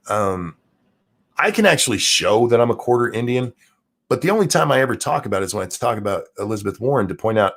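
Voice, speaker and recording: A man's voice: creaky, fairly bright tone. A man hosting a live stream, ranting and mocking in casual, profane commentary. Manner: profane, mocking rant with sudden pitch jumps. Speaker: streamer and show host.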